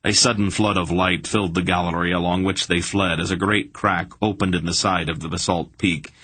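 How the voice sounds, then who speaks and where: Male audiobook narrator, very low, husky, dry, steady telling. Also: no echo. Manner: steady, measured storytelling.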